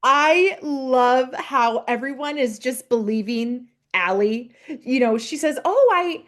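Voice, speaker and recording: A woman with a high voice co-hosts a podcast in a relaxed chat about a TV episode. She gushes with delight, laughs often, and slips into quick impressions of the characters. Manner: gushing, laughs often, acts out lines from scenes. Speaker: podcast co-host. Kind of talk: casual chat recapping a TV episode.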